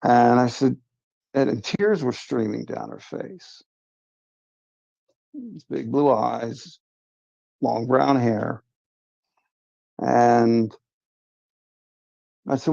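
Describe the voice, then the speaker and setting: A man with a deeply gravelly, fry-laden voice tells a story from his own life in a casual, confiding way. His tone is dark and mellow. The recording is dry and close, with dull lo-fi stream audio. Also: extremely slow, long pauses, no room sound. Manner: earnest, confiding, recounting a strange encounter. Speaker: livestream host. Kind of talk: casual first-person storytelling.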